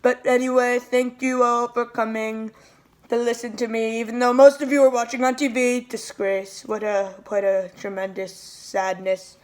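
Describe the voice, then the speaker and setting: A woman's voice: fairly high pitch, little pitch movement, moderate pace, a little mellow, natural voice. A woman playing a petty, self-pitying male president who rambles and repeats nicknames in a comic impression. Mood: boastful. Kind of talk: comedic impression monologue.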